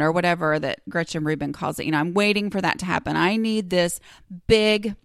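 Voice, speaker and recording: A woman's voice: lowish voice, fairly quick, creaky, dry recording, studio quality. A woman in her forties hosting her own podcast, talking in a chatty, confessional way and acting out her own past thoughts. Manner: chatty and confessional, slips into lively acted-out quotes. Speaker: podcast host. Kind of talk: casual solo podcast monologue.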